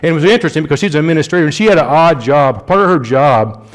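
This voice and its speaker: Indy guy preaching, kinda high voice, rambly, lots of "you know". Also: racing. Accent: Indianapolis. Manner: conversational, rambling, frequent restarts and "you know". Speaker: lay preacher. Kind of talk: sermon.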